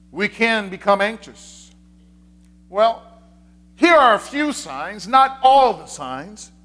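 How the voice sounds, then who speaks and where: Pastor, male, high-pitched, easy conversational preaching with repeated points. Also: fairly bright tone. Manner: conversational, repeats key points, frequent "uh" fillers. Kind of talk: sermon.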